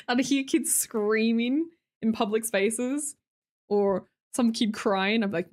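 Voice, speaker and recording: A woman's voice: on the high side, slow pace, a little mellow. A young Australian woman chatting casually as a streamer, reading viewer comments aloud and joking around with a teasing, chatty manner. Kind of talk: casual chat with live viewers.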